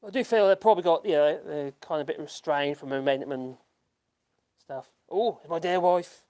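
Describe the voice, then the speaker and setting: A man's voice: on the high side, moderate pace, a little mellow. Rambling, chuckling man on a live stream. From United Kingdom. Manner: rambling and self-deprecating, chuckles often, many restarts. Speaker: YouTube channel host. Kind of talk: casual live-stream chat reading comments. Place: at home in rural France.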